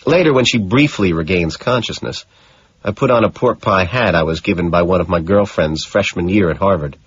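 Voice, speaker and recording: A man reading an audiobook in scripted narration, slow and matter-of-fact. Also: low voice, husky, dry recording, dull audio.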